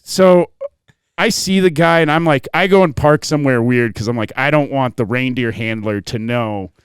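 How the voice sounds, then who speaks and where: Podcast host, man, smooth voice, animated profane storyteller, dry close mic. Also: mid-range voice, moderate pace, dry recording. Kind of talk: casual storytelling chat.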